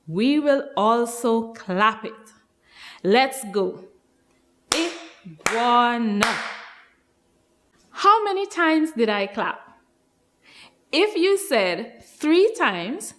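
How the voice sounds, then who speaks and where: A woman leads a nursery phonics lesson in a bright, sing-song teacher's manner. Her pitch sits a little high and leaps around as she prompts the children, and she draws every word out very slowly. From Guyana.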